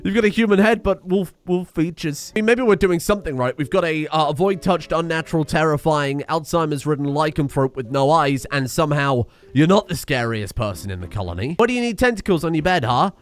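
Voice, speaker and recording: A man commentating on a video game as a streamer, excitable, laughing and swearing often. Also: a little high, brisk, few pauses. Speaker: gaming streamer. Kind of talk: let's play commentary.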